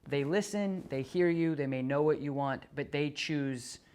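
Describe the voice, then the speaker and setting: A man's voice: on the high side, a little slow, darkish tone, smooth. A man working as a dog trainer, explaining to a client in an earnest way, often restarting his sentences and acting out what the dog and owner say.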